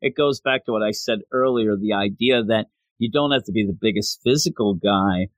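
A man in casual chat, animatedly recapping a story and acting out the characters' lines in quick voices. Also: lowish voice, no echo.

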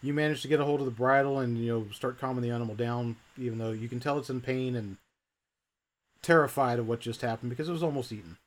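A man's voice: medium pitch, fast. Rambling man running a tabletop game. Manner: rambling, many fillers and restarts. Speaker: game master.

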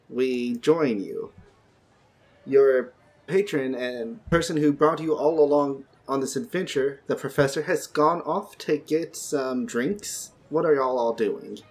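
A man's voice: medium pitch, a little mellow. A man narrating as game master of a tabletop game, rambling and joking with frequent fillers.

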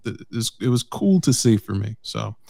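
A man chatting casually, relaxed and a bit self-deprecating. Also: on the low side, normal speed, creaky, no room sound. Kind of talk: casual chat.

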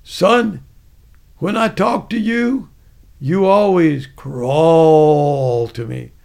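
An older man putting on a bullying Southern first sergeant with a gravelly voice, barking taunts. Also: a little high, very slow, darkish tone, exaggerated voice. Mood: commanding.

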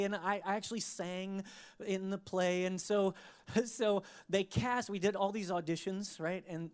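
A preacher giving a sermon, telling a personal story in an expressive way, laughing along and often restarting sentences. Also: mid-range voice.

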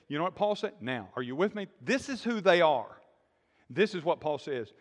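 A man preaching a sermon in a lively call-and-response style, with sudden loud bursts. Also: on the high side, moderate pace. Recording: long hall reverb.

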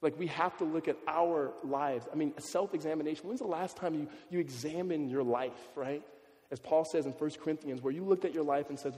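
A man's voice: a little high, a little fast, dark tone, long reverb tail. A man preaching a sermon in a loose, conversational way, often asking "right?" and repeating words as he goes. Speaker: pastor.

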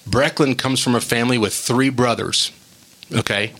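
A man telling a rambling, animated story in casual chat as a podcast co-host, acting out quotes as he goes. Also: medium pitch, normal speed.

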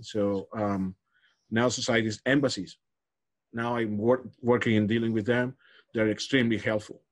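A man's voice: on the low side, steady tone, moderate pace. A man in his forties from Galicia, Spain, a Spanish speaker with a Spanish accent, talking in a casual interview, laughing often and restarting his sentences. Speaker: interviewee, researcher.

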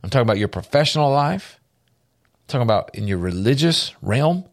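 Speaking a little fast with lively intonation at a medium pitch, this man hosts a faith-based motivational radio talk. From a studio with a large window, he's earnest and emphatic, repeating key phrases for effect.

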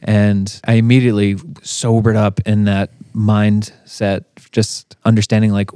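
Low-voiced man telling a family story. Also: unhurried, smooth, no echo, clean studio sound. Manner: relaxed storytelling with fillers and laughs. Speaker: podcast co-host. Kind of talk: casual faith podcast chat.

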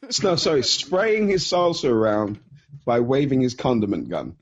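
A man co-hosting a podcast in casual chat, giggly and deliberate. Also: medium pitch, very animated, muffled recording, a little hiss or hum. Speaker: podcast co-host.

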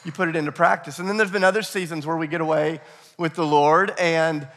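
A man preaching a sermon as pastor, energetic, repeating key phrases and prompting the congregation to call out answers. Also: fairly high pitch, fairly quick. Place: church sanctuary. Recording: echoey hall reverb.

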